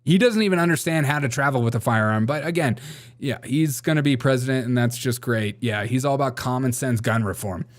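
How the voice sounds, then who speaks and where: A man's voice: mid-range voice, brisk. Sarcastic male host, chatty commentary. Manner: sarcastic, laughs often, reads viewer comments aloud. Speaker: show host. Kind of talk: casual political commentary.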